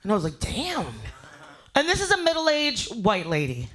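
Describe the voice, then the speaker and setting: A woman doing a stand-up comedy set, brash and profane, telling a story with loud voiced asides. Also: a little high, huge pitch swings, a little fast. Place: live fundraiser show.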